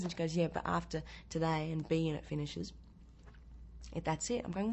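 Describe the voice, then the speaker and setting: An actress telling an interview anecdote in a lively way, acting out the lines she quotes. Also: deep voice, fairly quick, vocal fry, slight background noise.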